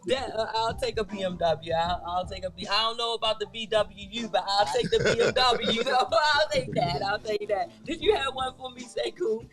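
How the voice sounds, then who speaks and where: A woman's voice: a little high, moderate pace, few pauses. A woman hosting a casual group chat, laughing often and taking her time with the guests. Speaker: host.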